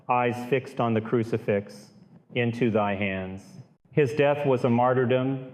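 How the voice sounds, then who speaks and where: A man narrating a true-crime style horror audiobook in a steady, grave storytelling voice. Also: mid-range voice.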